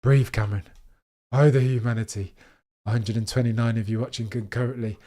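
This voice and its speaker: A young man hosting a live race watchalong stream, chatting excitedly to his viewers. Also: medium pitch, fast talker. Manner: excitable, chatty, talks straight to chat. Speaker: livestream host watching a race.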